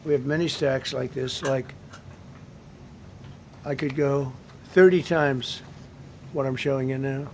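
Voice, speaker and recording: A man's voice: medium pitch, fairly even intonation, unhurried, pauses often, slight background noise. A man speaking off the cuff at a press briefing, rambling, repetitive and emphatic.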